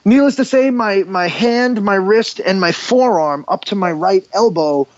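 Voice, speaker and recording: Animated high-voiced man telling a story. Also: a little slow, muffled recording. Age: 40s. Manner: animated, heavy use of "dude" and "like". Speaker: guest. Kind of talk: casual storytelling.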